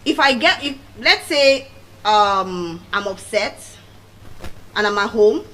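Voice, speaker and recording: A middle-aged woman with a Nigerian accent giving a motivational speech at a public event, telling personal stories with dramatic swings of pitch and loudness. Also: takes it slowly, rough recording. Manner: animated storytelling with dramatic swings in pitch and volume. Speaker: public speaker. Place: venue of a public speaking event.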